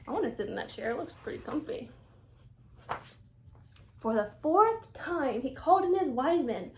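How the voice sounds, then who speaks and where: Woman reader for a children's picture book. Animated, high-pitched, whispers asides to the kids. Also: measured pace, pauses often.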